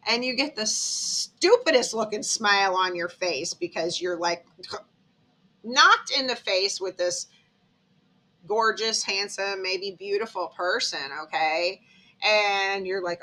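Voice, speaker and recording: Expressive and unhurried, with a bright, forceful tone at medium pitch, a woman reads tarot casually and chattily. She frames the reading as dramatic storytelling and keeps checking with "okay?".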